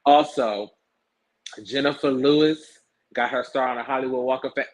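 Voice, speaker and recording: A man hosting a casual celebrity gossip show, talking in a sassy, animated way full of slang. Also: mid-range voice, normal speed. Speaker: host.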